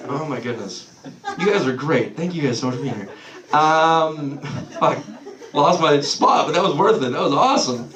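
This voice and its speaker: Male stand-up comic, slightly high voice, casual and profane, live club sound with echo. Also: expressive, moderate pace, fairly bright tone, far from the mic. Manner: loose, swearing, loses his place and laughs it off. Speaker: stand-up comedian. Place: small comedy club stage. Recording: roomy club sound from off-mic.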